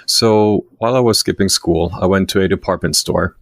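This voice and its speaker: Low-voiced man telling rambling stories. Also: normal speed. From Germany. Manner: rambling, self-deprecating, acts out quoted voices. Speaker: guest storyteller. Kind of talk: casual storytelling.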